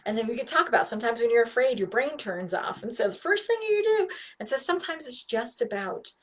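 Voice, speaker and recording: Woman doing a live parenting talk, earnest, acts out chats with kids, sometimes goes soft and whispery. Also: on the high side, big pitch swings, fairly quick. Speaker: speaker for parents.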